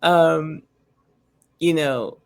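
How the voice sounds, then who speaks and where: This woman's voice is low and creaky, and she speaks extremely slowly. Sitting at home near a dog, she gives a casual, chatty recap of a reality show, full of "um" and "you know" fillers and candid opinions.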